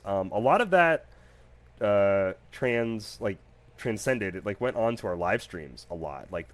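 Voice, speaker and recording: A man with a low voice hosts a solo podcast. He rambles through stories in a casual, joking way, with frequent fillers and lively bursts of emphasis. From United States. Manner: animated, jokey, rambling with fillers. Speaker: podcast host.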